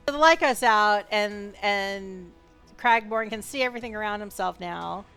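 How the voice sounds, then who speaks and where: Woman, game master, casual tabletop narration, smooth clear voice, faint music behind. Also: mid-range voice, normal speed. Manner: relaxed, chatty, full of fillers and laughs.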